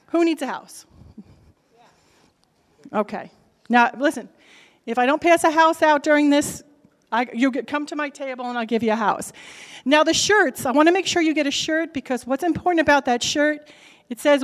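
A woman with a brassy New Jersey accent addresses a convention audience, her fairly high voice carrying through a large hall with a long echo. She talks direct and punchy, tossing "okay?" at the crowd between points like a seasoned seminar speaker. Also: normal speed, long pauses. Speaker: lender speaking at a real estate convention. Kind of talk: lively seminar talk to a live audience.

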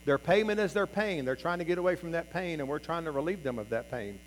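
A man's voice: a little high, lively intonation, fast talker. Upbeat male seminar presenter, reverberant hall. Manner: emphatic, keeps addressing the audience as "guys". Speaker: real estate seminar presenter. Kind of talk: live seminar teaching. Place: meeting room before a live audience. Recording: reverberant hall, faint mains hum.

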